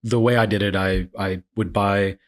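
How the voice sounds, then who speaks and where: Low-voiced man telling his business story. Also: fairly even intonation, moderate pace. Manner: storytelling, acts out quotes of others. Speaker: entrepreneur guest. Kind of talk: casual conversational interview.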